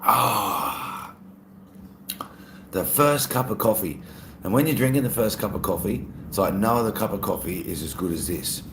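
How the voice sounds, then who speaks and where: A man's voice: fairly low pitch, normal speed, reverberant, background noise. A man with an Australian accent, chatting casually on a live stream and reading out viewer comments. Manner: relaxed, chatty, laughs often.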